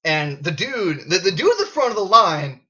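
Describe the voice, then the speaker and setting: A man's voice: high-pitched, big pitch swings, moderate pace, sharp tone, lo-fi sound. A man telling an unscripted story in a casual, sarcastic way, swearing freely, recorded on a built-in camera mic. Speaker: gaming video creator.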